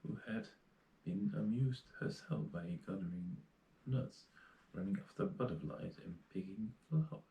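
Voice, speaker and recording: A Dutch-accented man reading a fairy tale aloud in his non-native English, with a very deep, gravelly voice. He reads slowly, stumbling now and then, in a room with a clear echo. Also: warm tone, highs cut off. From Netherlands. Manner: plain reading with small slips and restarts. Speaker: reader.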